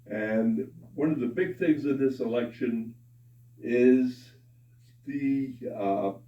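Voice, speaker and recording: A man telling jokes to a live audience with a slow, deliberate delivery. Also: medium pitch. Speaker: joke teller. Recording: echoey room from far off, dull sound.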